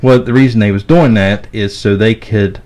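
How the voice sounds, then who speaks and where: A man's voice: on the low side, moderate pace, darkish tone. A man co-hosting a podcast and explaining tech step by step in casual chat. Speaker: podcast co-host.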